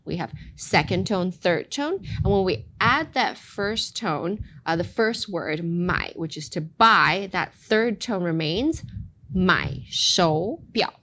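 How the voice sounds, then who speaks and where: A woman teaching Mandarin tones in a podcast lesson, playful and quick to laugh, saying phrases slowly for practice. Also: lowish voice, fairly bright tone, a little hiss or hum.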